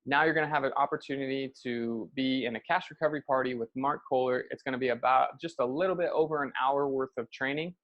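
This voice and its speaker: A man opening a recorded training session with an upbeat, encouraging delivery. He speaks at an everyday male pitch, steady and friendly. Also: fast talker, few pauses, muffled recording. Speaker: host introducing a recorded training. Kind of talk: promotional introduction.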